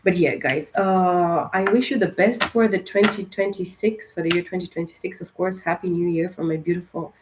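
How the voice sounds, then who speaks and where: Against some background noise, a tarot reader speaks to camera at medium pitch, keeping a steady tone and a moderate pace with few pauses. The casual astrology reading meanders, full of fillers, restarts and encouraging comments to the viewer. Her voice comes across as strained and sensitive, just as she describes herself feeling lately.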